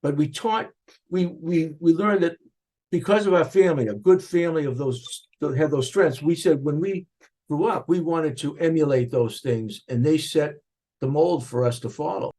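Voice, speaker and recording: An older man with a Boston accent recalling his upbringing in an interview, animated and rambling, with frequent restarts. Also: a little high, moderate pace. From Boston area, USA. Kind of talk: reflective interview recollection.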